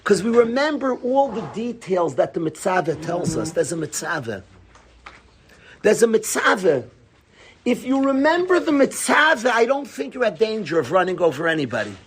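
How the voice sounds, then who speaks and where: Lively, emphatic rabbi, man. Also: high voice, moderate pace, a little hiss or hum. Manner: emphatic, repeats key phrases, asks rhetorical questions. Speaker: rabbi giving a Torah class. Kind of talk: animated Torah lecture.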